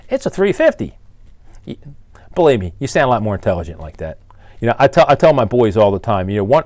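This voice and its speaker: Older male engine builder, low-pitched, blunt and scolding; dry close recording. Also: darkish tone, dry recording. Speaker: engine builder and channel host. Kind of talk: ranting to camera.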